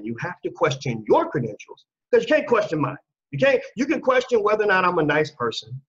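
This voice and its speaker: Male host, combative monologue, husky voice, dull lo-fi recording. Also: fairly high pitch. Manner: animated and combative, acts out quoted voices. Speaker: channel host. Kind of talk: casual commentary monologue.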